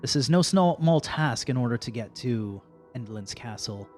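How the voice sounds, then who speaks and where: A man's voice: mid-range voice, lively intonation, darkish tone, soft background music, pitched below the performer's own voice, natural voice. A man playing a cautious fey dandelion guide. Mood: earnest. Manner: measured, cautious, advising. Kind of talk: tabletop character voice.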